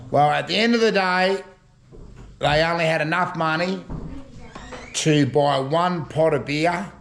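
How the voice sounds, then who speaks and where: Speaking a little slowly in a gravelly voice that's on the high side and fairly bright, an older Australian man rambles through chuckling stories at home in casual slang. He's a storytelling vlogger, and slight background noise comes through.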